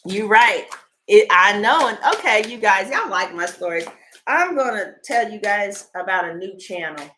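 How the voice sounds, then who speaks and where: Woman tarot reader, mid-pitched, lively and blunt, chatting casually on stream. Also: moderate pace, slight background noise. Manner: animated storyteller, blunt and swears freely. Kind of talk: casual livestream chat and tarot reading.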